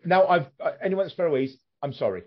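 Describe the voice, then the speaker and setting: A man's voice: fairly high pitch, animated, a little fast. A man from southern England in a casual podcast chat, talking animatedly, swearing freely and often restarting his sentences. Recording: slightly dull podcast audio.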